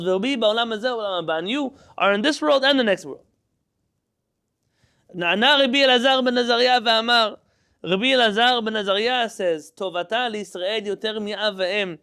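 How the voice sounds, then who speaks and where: Quick, high, gravelly-voiced male teacher. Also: sharp tone. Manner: reads Hebrew text aloud and translates line by line into English; quizzes students with questions. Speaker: Torah teacher. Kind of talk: classroom Torah lesson.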